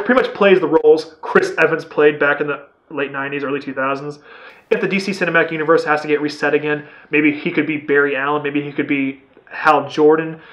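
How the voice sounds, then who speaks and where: A young man talks through a movie review in a quick, slightly high voice. He rambles enthusiastically, tripping over restarts and filling every pause with "uh" and "like". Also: fairly bright tone, poor audio. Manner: rambling, filler-heavy, enthusiastic. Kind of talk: casual video review.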